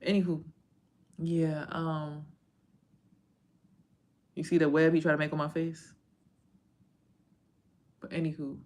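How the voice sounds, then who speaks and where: A woman's voice: deep voice, little pitch movement, slow, long pauses, darkish tone. A woman hosting a casual livestream as a tarot reader. She talks in a loose, rambling and profane way, full of slang and side remarks to viewers.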